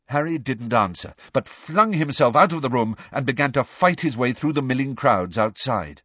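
A man reading a novel aloud as an audiobook narrator, measured and even. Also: mid-range voice, slightly rough, dry recording, lo-fi sound.

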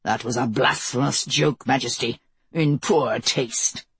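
A woman's voice: rumbling low, lively intonation, unhurried, gravelly, a bit bright, slightly rough, no echo, pitched below the performer's own voice, full character voice. A woman voicing an angry, haughty older male church leader who snarls his words. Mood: indignant. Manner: snarling, cold, menacing.

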